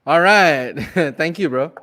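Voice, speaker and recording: A man's voice: on the high side, lively intonation, slow, pushed and bright. A man hosting a comedy livestream, chatting casually and reading comments. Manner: chatty, laughs between comments. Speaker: host.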